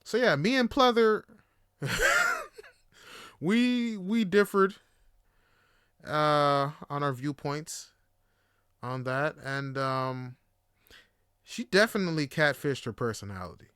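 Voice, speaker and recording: A young man hosting a podcast, telling a story in a casual, rambling way, full of fillers and animated swings. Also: fairly high pitch, slow pace, pauses often, clear, resonant tone, no room sound, studio quality. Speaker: podcast host.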